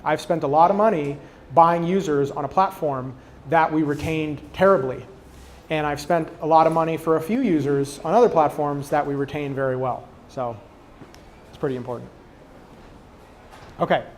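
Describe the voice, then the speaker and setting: A man speaking from a conference stage in a loose, conversational way, full of fillers and restarts. His voice sits a little high, and he acts out quoted customers with lively voices. A faint hum runs behind him. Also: normal speed, long pauses. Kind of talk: conference talk.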